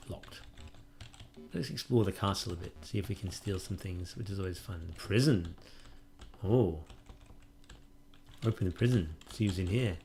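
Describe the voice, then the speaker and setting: A man's voice: fairly low pitch, vocal fry, a little mellow, slight background noise. A man hosting a let's play, casually commenting on a game and reading its prompts aloud with wry musing.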